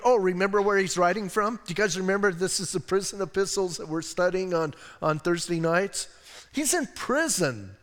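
Long church-hall reverb colors this recording of an American pastor in a sanctuary, his voice high-pitched and a bit bright. His sermon is casual and chatty, packed with rhetorical questions and asides.

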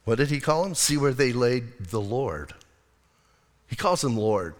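A male pastor preaching a lively, conversational sermon and acting out quotes as he goes. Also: medium pitch, measured pace, long reverb tail.

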